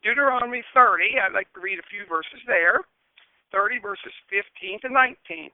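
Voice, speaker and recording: A man's voice: high voice, normal speed, no echo. A man preaching an evangelistic sermon outdoors, earnest and emphatic, repeating his key phrases. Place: outdoors in a breeze. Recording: narrow phone-like sound.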